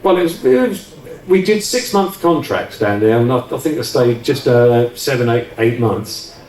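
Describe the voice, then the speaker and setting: A man's voice: medium pitch, animated, moderate pace, darkish tone. A man being interviewed, reminiscing in a rambling, chatty way with frequent restarts. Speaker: interview guest, former offshore radio DJ. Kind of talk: casual recollection on stage interview. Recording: roomy sound from a distant mic.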